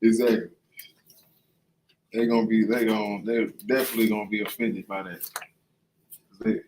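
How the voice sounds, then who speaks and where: A man's voice: fairly low pitch, a little mellow, a little hiss or hum. Conversational man in an echoey room. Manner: conversational, often asks "right?" and "you know what I'm saying?". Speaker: class leader. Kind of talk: casual bible class.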